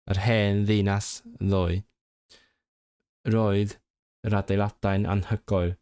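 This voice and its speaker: A man's voice: fairly low pitch, a little mellow, clean tone, no echo, clean studio sound. A young man learning Welsh, reading sentences aloud, repeating and correcting himself as he thinks aloud on a casual stream. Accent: non-native Welsh learner. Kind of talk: casual livestream study session.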